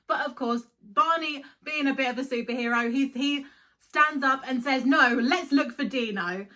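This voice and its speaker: A woman's voice: high-pitched, normal speed, pushed and bright. Chatty giggly woman reviewing cartoons. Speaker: video host. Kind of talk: casual cartoon review commentary.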